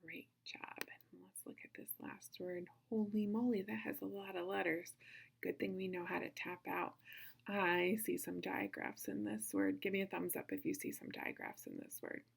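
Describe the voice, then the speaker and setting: A woman teaching a kindergarten phonics lesson, sounding out words slowly in an encouraging sing-song way. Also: mid-range voice, vocal fry, husky. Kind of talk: phonics lesson for young children.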